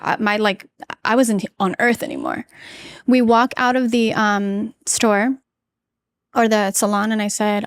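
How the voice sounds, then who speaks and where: A woman's voice: on the high side, unhurried, dry recording. A woman in her thirties, a podcast guest, earnestly telling a personal story and acting out what people said. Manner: candid, earnest, acts out her own quoted lines.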